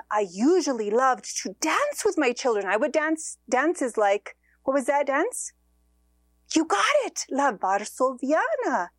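A grieving ghost mother who weeps for her lost children, as a woman storyteller takes her on. The voice is high and breathy, drawn out slowly with sighs and whispers. It sits dry and close, with no room around it. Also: no echo, exaggerated voice. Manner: slow, sorrowful, drawn-out telling with sighs and soft whispers. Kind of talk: first-person storytelling to children.

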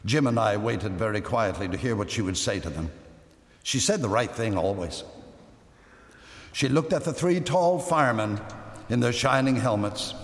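A man reading a story aloud with lively, dramatic storytelling. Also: on the low side, normal speed. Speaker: reader. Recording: echoey room with long reverb.

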